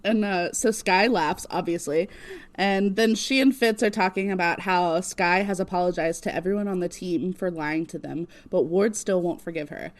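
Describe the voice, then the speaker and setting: A woman co-hosting a podcast, recapping casually in an animated way that keeps breaking into laughter and acting out characters' lines. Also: lowish voice, normal speed. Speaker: podcast co-host.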